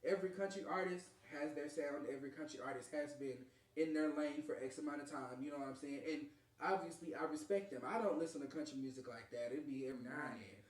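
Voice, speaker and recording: A podcast host chatting casually, making emphatic, animated points. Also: medium pitch, quick pace, hardly any pauses. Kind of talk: casual chat. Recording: roomy echo.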